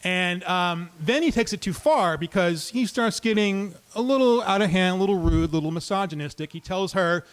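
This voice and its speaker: A man with a fairly high voice tells a true story to a live audience. He keeps it conversational, with well-timed comic asides between the tense moments. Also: normal speed, few pauses, clean tone.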